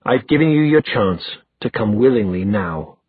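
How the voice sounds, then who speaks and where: A man voicing a menacing young male villain who speaks in a quiet, low, taunting voice. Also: expressive, moderate pace, slightly rough, no echo. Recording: dry tinny phone-like sound.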